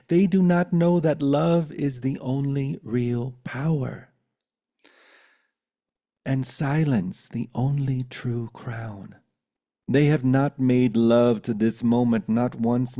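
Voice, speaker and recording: A man's voice: mid-range voice, warm tone. A man on a video call giving an earnest, contemplative spiritual talk and reciting a poem. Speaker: spiritual teacher.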